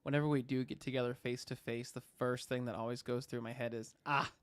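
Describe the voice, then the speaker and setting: A man hosting a casual podcast, talking upbeat and energetic about the show. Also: mid-range voice, fast talker, clean tone, no room sound. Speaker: podcast host.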